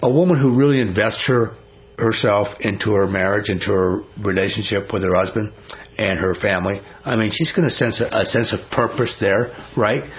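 A man's voice: on the low side, moderate pace, dull audio. A man preaching a sermon in a folksy, storytelling way, with frequent restarts and repeated asides.

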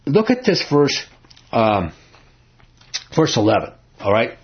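A Bible teacher leads a study, reading verses aloud and explaining them emphatically and conversationally, often putting questions to his listeners. His mid-range voice is very animated, though he takes things slowly. The recording is dull and lo-fi with slight background noise.

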